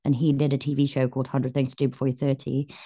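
Welsh woman, young adult, low and mellow voice, animated raconteur who jumps into quoted voices. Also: slightly rough. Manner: animated storyteller, acts out quotes, quick bursts. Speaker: actress guest. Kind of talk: anecdotal podcast chat.

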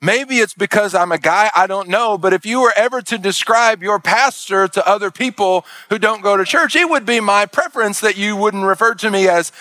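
A middle-aged man preaching a sermon as a pastor, animated and playful, acting out voices with big swings in pitch. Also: moderate pace, hardly any pauses, no echo, clean studio sound.

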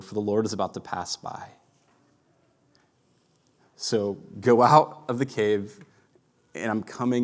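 Earnest man in his thirties preaching. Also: medium pitch. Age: 30s. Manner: earnest, reflective, drops to a hushed voice for quiet moments. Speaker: pastor. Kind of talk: sermon.

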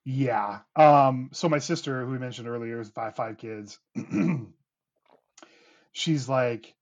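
A man's voice: mid-range voice, takes it slowly, muffled recording. A man in his thirties, a podcast host, chatting casually with lots of fillers and restarts. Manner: rambling, many restarts and fillers. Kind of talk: casual chat.

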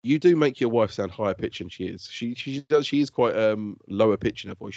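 Man, podcast co-host, teasing, lively pitch, dry lo-fi sound. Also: fairly quick, dry recording. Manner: excitable, laughs a lot, teasing. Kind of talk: casual chat. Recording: dull lo-fi dry podcast audio.

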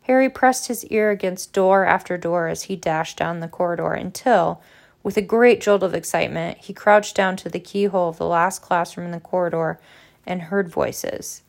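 A woman reading a novel aloud in a steady narrating voice with small slips. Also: on the low side, normal speed, creaky. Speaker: audiobook reader. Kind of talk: book narration.

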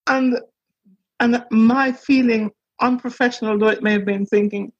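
Husky-voiced woman minister, halting and earnest. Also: on the high side, fairly even intonation, lo-fi sound. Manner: earnest, halting, with many pauses and restarts. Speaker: minister and priest. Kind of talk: reflective personal testimony.

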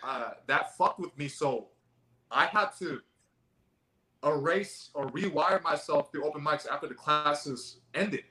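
A high-energy stand-up comedian chatting casually, animated and quick to swear. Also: male voice, low-quality recording. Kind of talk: casual chat.

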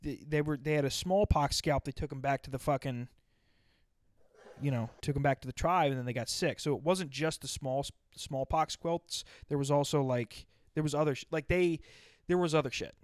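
A man's voice: on the high side, moderate pace, no echo. Profane rambling man, dry close sound. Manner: profane, rambling storyteller with many restarts. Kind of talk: casual podcast chat.

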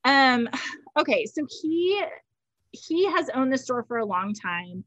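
A woman's voice: high voice, big pitch swings, slow pace, a bit bright, lo-fi sound. A woman hosting a podcast, chatting casually and retelling scenes with quoted voices. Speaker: podcast host. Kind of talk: casual conversational chat.

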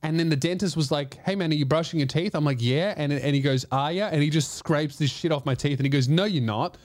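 A man's voice: a little high, fairly even intonation, fast talker, a little mellow. A man in his late twenties hosting a podcast, chatting casually and telling rambling jokey stories. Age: late 20s. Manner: joking, rambling storyteller. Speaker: podcast host. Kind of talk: casual chat.

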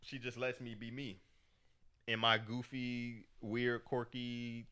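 A man's voice: medium pitch, monotone, slow, pushed and bright, smooth. A man in casual chat, speaking candidly and with profanity.

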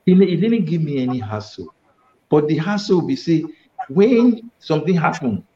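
A man's voice: a little high, moderate pace. A man from Edo State, Nigeria, with a Nigerian accent, a guest recounting his time as a state information official and acting out quoted speech. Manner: animated storyteller, acts out quoted speech. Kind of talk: storytelling in Nigerian Pidgin. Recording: muffled, dull audio.

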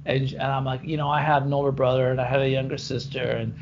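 A man's voice: medium pitch, flat delivery, fast, creaky, slight background noise. A middle-aged man co-hosting a podcast in casual chat, telling self-deprecating stories about his kids. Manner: joking, self-deprecating storyteller. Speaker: podcast co-host. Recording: dull lo-fi podcast audio.

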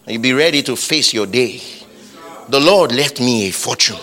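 A man with a Nigerian accent preaching a sermon, building repeated lines up to shouts. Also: mid-range voice, normal speed, soft background music. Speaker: pastor.

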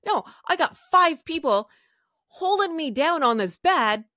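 Animated woman telling a story. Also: high-pitched, unhurried, no echo, studio quality. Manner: animated, swearing, acts out her own past words. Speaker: podcast guest sharing her story. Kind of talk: casual storytelling.

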